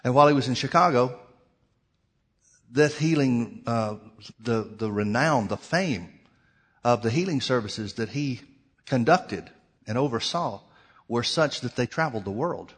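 A man's voice: mid-range voice, lively intonation, a little slow, long pauses, husky. Man preaching a dramatic story. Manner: dramatic, swings between loud outbursts and hushed quiet. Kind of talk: storytelling sermon.

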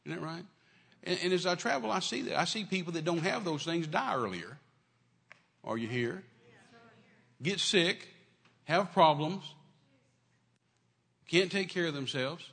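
An older male preacher delivers a sermon with a gravelly, fry-laden voice that sits a bit high. He talks in a folksy, homespun way, repeating phrases and restarting lines for emphasis. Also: a bit bright.

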